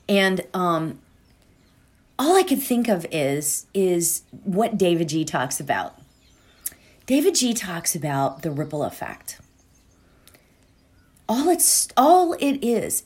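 Woman meditation host, slow and rambling, pitch moving up and down a lot, heartfelt casual talk. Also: husky. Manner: rambling and heartfelt, with many fillers and restarts. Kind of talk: casual spiritual talk before a guided meditation.

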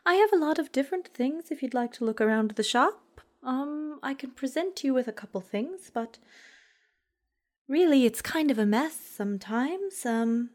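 A woman voicing a friendly, eager female shopkeeper who talks softly with many pauses and fillers. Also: high-pitched, expressive, pitched above the performer's own voice. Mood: helpful. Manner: soft, halting speech full of fillers.

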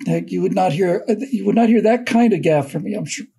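Man, commentator, high voice, husky and gravelly, halting, repeats words. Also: dark tone. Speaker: co-host and commentator. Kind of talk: casual political commentary.

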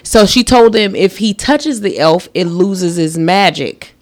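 A woman in her thirties chatting casually, expressive and quick to laugh. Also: medium pitch. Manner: expressive, laughs easily, acts out kids' voices. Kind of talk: casual chat.

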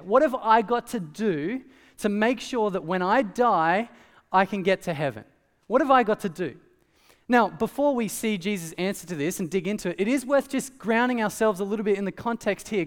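A man preaching a sermon as pastor, in a conversational, animated way with asides. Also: high-pitched, in a large hall.

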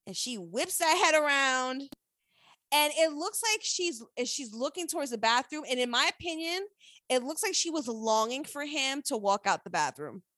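A woman recapping a TV episode in casual chat, animated, opinionated and profane. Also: high voice, moderate pace, dry recording.

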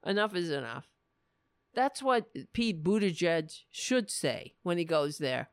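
A woman's voice: lowish voice, sing-song, unhurried, no room sound, clean studio sound. A woman hosting a political livestream, ranting sarcastically with plenty of profanity and answering viewers' chat messages. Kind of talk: casual livestream commentary.

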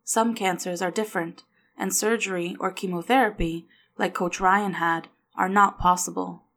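Soft-spoken woman reading a story. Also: on the low side, fairly even intonation, moderate pace. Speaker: audiobook narrator. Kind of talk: scripted narration.

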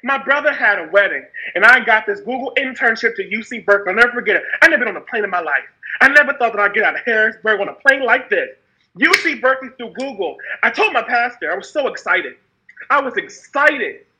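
A woman's voice: a little high, animated, fast talker, pushed and bright, rough recording. A woman from the United States giving a raw, impassioned personal testimony, repeating phrases for emphasis. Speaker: speaker sharing her story.

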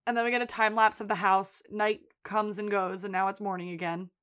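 A woman co-hosting a podcast, recapping a TV episode in casual chat, telling it with lively storytelling, acting out characters' lines and laughing often. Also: medium pitch, brisk, smooth. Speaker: podcast co-host.

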